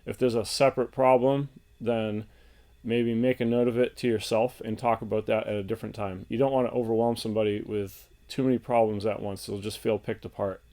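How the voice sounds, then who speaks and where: A man presenting relationship advice in an earnest, loosely unscripted way, pausing with fillers and restarting phrases as he thinks aloud. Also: fairly low pitch, level tone, mellow.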